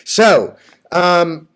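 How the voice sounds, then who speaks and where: A young man talks in a cocky, brash vlog rant about trading. His voice sits high for a man. He jokes loosely and laughs at his own lines. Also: fairly bright tone. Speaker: stock vlogger.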